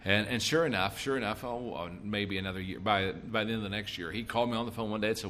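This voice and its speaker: A lowish, fairly bright male voice rattles along fast with hardly any pauses, over a little hiss or hum. The middle-aged man gives a leadership seminar talk full of folksy stories and points repeated for emphasis.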